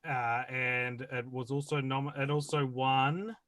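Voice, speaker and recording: Bright-voiced podcast host. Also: male voice, medium pitch, steady tone, slow pace. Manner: chatty, laughs often. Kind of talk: casual podcast chat.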